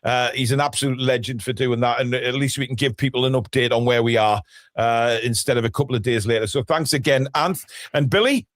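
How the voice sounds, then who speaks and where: A man's voice: medium pitch, fairly quick, fairly bright tone, no echo, studio quality. A man hosting a live charity stream, chatting with co-hosts and urging viewers to donate and subscribe. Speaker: host.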